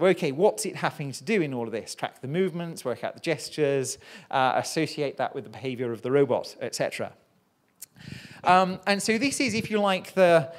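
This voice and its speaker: Presenter at a pub science night, chatty and self-deprecating, mid-pitched voice. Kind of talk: public science talk. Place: live pub science event.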